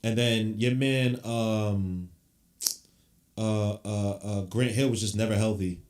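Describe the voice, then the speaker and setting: A man's voice: fairly low pitch, fairly even intonation, slow, a little mellow. Frustrated man ranting in a roomy echo. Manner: blunt, frustrated fan ranting, swears casually. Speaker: podcast host. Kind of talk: live game watch-along reaction.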